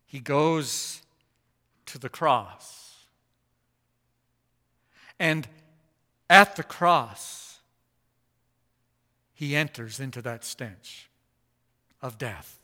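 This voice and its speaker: A man preaching a sermon, swinging from hushed, slow lines to loud, emphatic ones. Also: medium pitch. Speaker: pastor. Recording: long hall reverb.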